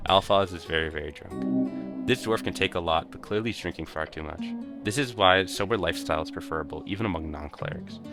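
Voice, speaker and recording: A streamer with a low, deep voice narrates game text and drops wry comments between lines. Clear guitar game music plays right under his talk. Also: quick pace. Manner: chatty, wry asides. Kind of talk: live-stream commentary while reading game dialogue. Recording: game music playing behind.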